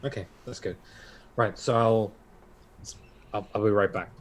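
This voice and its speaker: A man playing a tabletop role-playing game, talking in hesitant, halting restarts. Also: lowish voice, steady tone. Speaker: player. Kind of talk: in-character tabletop play.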